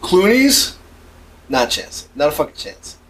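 A man co-hosting a podcast in crude casual banter, his pitch swinging widely as he swears and laughs. His voice sits a little higher than most men's. There is a faint hiss of room noise behind him. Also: very animated, measured pace, a bit bright. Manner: profane, emphatic, laughs often. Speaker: podcast co-host.

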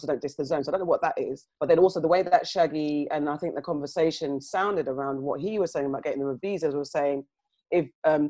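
A woman's voice: deep voice, a little mellow. Woman rambling casually on a podcast. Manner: rambling, thinking aloud with many asides. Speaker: podcast co-host. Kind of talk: casual chat.

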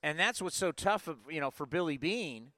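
A man in his forties hosting a live sports talk show, talking in an energetic, rambling way with lots of asides. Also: on the high side, normal speed, no echo. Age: 40s. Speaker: sports podcast host.

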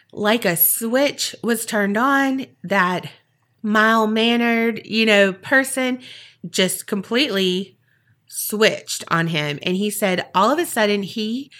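A woman's voice: medium pitch, slow pace, a bit bright. A woman podcast host telling a story in a chatty, casual way with wry asides.

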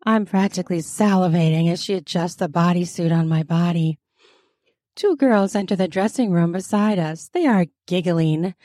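A woman reading an erotic story aloud in an intimate, unhurried storytelling manner. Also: fairly low pitch, mellow, no room sound, clean studio sound. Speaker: narrator.

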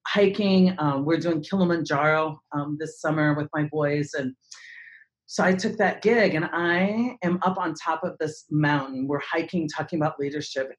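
A woman's voice: sits low, muffled recording. A woman in her forties, a speaker and trainer, telling a dramatic story as an interview guest and acting out other people's voices. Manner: animated, dramatic storyteller who acts out voices.

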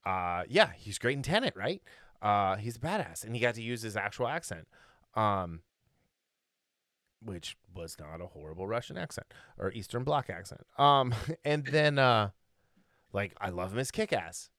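Rambling and opinionated, a man co-hosting a podcast talks casually in a lowish, animated, fairly bright voice at a moderate pace, often using fillers and restarting. It's clean studio audio with no room sound.

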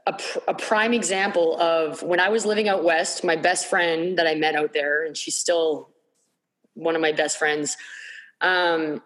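A woman guest on a podcast talking candidly about her own experience, halting often and repeating her words with many fillers. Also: on the low side. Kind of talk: candid personal storytelling.

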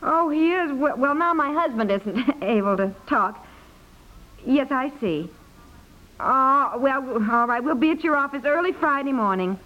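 A woman playing a gentle, easily upset young wife and mother in a 1950s radio comedy. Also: high-pitched, lively intonation, a little slow. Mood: apologetic. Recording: dull 1950s radio recording.

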